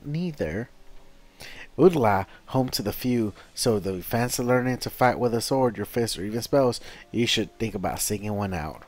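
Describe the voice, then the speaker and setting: A man voicing a chatty, folksy male traveling merchant with rough, rambling speech while reading game dialogue aloud. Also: on the low side, lightly acted.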